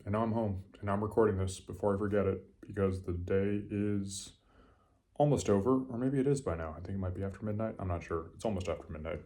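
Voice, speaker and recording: A tipsy American man talks low into his camera late at night, rambling and profane. His voice sits deep, and he keeps it hushed and offhand. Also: fast talker. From Los Angeles. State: a little drunk. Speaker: vlogger.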